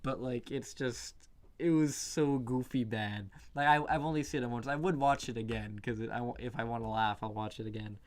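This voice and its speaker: A man talks loosely on a casual live stream, rambling from thought to thought. He laughs often and swears freely. His voice sits at an ordinary middle pitch. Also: fairly quick. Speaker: streamer reviewing movies.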